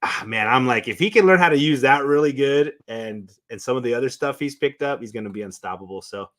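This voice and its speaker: A man on a talk show as a guest, telling stories with excitement and emotion, often restarting his sentences. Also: medium pitch, brisk. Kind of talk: casual chat.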